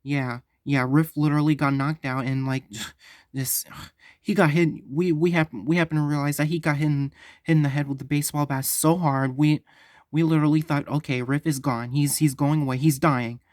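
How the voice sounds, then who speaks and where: A man telling a story on his vlog, halting and stumbling, often repeating himself. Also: fairly high pitch, flat delivery, a little mellow, no echo, studio quality. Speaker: vlogger.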